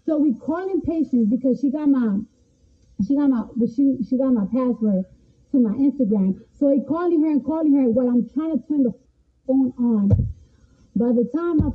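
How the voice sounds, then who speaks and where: A woman telling an excitable story in a casual podcast chat. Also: sits high, moderate pace. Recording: tinny phone-line audio.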